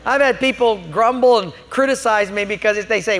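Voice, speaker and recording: High-voiced preacher in an echoing hall. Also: male voice, normal speed, fairly bright tone. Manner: humorous, emphatic storyteller. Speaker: pastor. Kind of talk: sermon.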